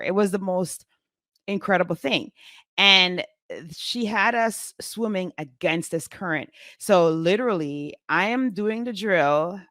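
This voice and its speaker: A woman in her forties, a physician hosting her own show, telling a story in a chatty, animated way with many fillers. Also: sits low, dry recording, studio quality. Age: 40s. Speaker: physician podcast host. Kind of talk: casual storytelling to camera.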